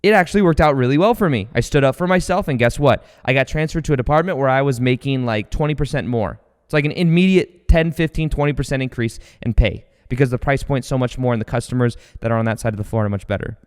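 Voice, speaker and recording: Energetic rambling man, smooth and echoing. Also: mid-range voice, fast talker. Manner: rambling, energetic, with many fillers and restarts. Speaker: podcast host. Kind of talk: casual storytelling monologue. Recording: long hall reverb.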